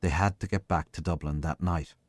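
Deep-voiced man reading a story. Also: steady tone, dry recording. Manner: slow, measured storytelling. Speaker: reader. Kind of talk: literary reading.

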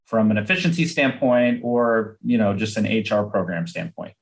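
A man's voice: on the low side, animated, moderate pace, vocal fry. A man hosting a business interview, asking questions and giving short encouraging replies. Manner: brief encouraging backchannels. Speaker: interviewer, host. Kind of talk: conversational interview.

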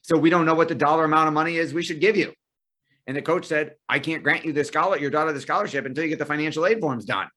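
A man working as a financial aid planner, answering interview questions in a brisk, explanatory way. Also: fairly high pitch, sharp tone. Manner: explanatory, brisk, tells client stories.

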